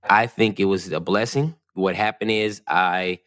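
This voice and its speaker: A man telling a personal story in relaxed casual chat, with many ums and a self-deprecating tone. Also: low-pitched, a little slow, no room sound, clean studio sound. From US West Coast.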